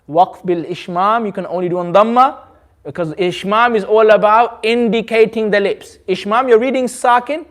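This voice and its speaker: High-voiced patient recitation teacher. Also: male voice. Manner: patient, demonstrates words slowly then explains quickly. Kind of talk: hands-on group lesson. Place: community centre classroom.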